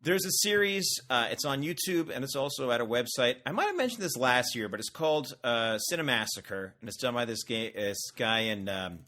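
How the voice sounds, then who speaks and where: A man co-hosting a casual podcast, rambling and joking as he goes. His pitch swings widely and his tone is bright. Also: expressive, a little fast, hardly any pauses. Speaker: podcast co-host. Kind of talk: casual chat. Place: Vancouver.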